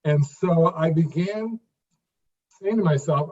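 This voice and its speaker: Brief: fifties man, interview guest, slightly high voice, halting restarts, distant dull recording. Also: a little mellow. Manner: halting restarts, repeats words, then emphatic phrases. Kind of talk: conversational interview.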